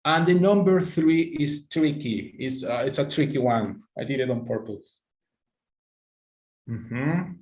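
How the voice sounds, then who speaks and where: A man's voice: mid-range voice, takes it slowly, a little mellow. Echoey male online pronunciation teacher. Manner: encouraging, praises students by name, non-native phrasing. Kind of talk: live online class. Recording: echoey room.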